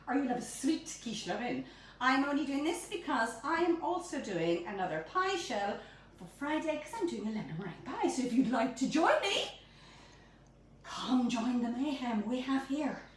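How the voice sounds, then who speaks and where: A woman's voice: high voice, normal speed, a little hiss or hum. Bubbly woman, echoey phone video. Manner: bubbly, chatty and animated. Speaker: home baking host. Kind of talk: live-streamed cooking demonstration. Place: home kitchen. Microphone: phone camera held by a helper at a distance. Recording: echoey room, phone mic from far off.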